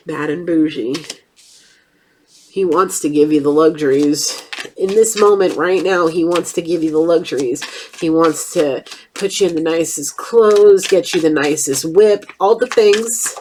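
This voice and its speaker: A woman's voice: sits low, a little slow, darkish tone, slight background noise. A woman giving a casual tarot reading, chatty and blunt, with a stuffed-up nose. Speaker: tarot reader.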